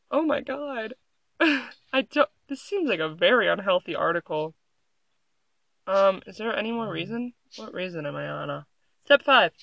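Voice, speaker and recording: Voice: mid-range voice, sing-song, normal speed, gravelly, pushed and bright, no echo. A young adult vlogger reading an article aloud at home into a phone, with sarcastic, giggly, rambling commentary. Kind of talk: casual reaction commentary. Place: room at home.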